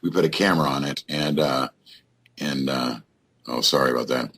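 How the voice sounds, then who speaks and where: A man's voice: extremely low pitch, moderate pace, fairly bright tone, husky. A man, a guest on a radio show, telling a rambling ghost-hunting story full of fillers and restarts. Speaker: guest paranormal investigator.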